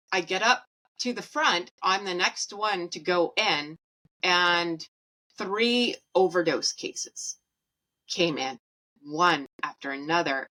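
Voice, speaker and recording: A woman's voice: fairly low pitch, bright, forceful tone, poor audio. A woman in her thirties hosting a podcast, telling a personal story in a blunt, profane, casual way and laughing at her own jokes. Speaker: podcast host.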